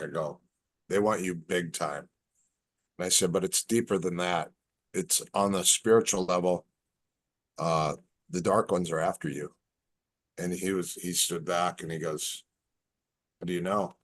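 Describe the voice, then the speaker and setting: A man in casual podcast chat, telling stories and acting out the dialogue. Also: sits low. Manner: relaxed storyteller, acts out quoted dialogue. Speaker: podcast guest.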